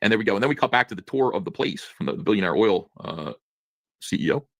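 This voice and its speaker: A man's voice: lowish voice, expressive, fast talker, dry recording, studio quality. A man co-hosting a casual comic review chat, sarcastic and mocking. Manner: sarcastic, mocking, reads comic lines in put-on voices. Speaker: podcast co-host.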